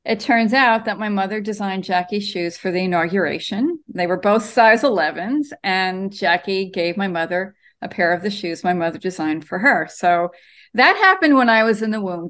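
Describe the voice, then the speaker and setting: A woman cartoonist, appearing as an interview guest, tells her story over a video call from her home studio. Her medium-pitched voice moves at a moderate pace, and she's an animated storyteller who says "um" a lot.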